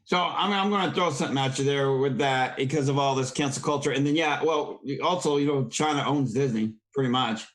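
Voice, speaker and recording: A man's voice: medium pitch, brisk, few pauses, a bit bright. A man hosting a political talk show, rambling and agreeing with his guests. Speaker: host.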